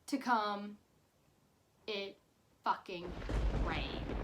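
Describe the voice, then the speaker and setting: High-voiced young woman, animated storytelling. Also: a little slow, a little hiss or hum. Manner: animated, emphatic, swears and laughs while telling. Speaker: vlogger. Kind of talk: casual bedtime storytelling.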